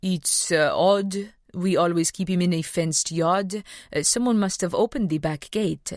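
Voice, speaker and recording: A woman voicing a worried woman with a European accent who speaks hesitantly, pausing with uh. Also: lowish voice, darkish tone, no echo, studio quality, lightly acted. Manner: hesitant, full of uh pauses. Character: anxious woman with a foreign accent.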